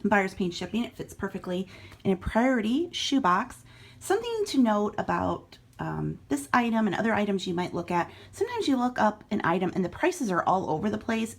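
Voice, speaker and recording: A woman's voice: mid-range voice, sing-song, fairly quick. A middle-aged woman from Iowa, talking casually and frankly through her online resale sales at home. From Iowa, USA. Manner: chatty, frank, matter-of-fact about prices. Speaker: online reseller vlogger. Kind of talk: casual vlog narration.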